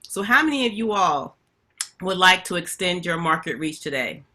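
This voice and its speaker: A woman hosts a webinar and talks straight to her audience, telling stories in a chatty way. Her voice is bright and forward, pitched a little low, with a sharp edge. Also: very animated, moderate pace. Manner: chatty storytelling, addresses audience directly. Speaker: webinar host. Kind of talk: casual webinar talk. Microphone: video call.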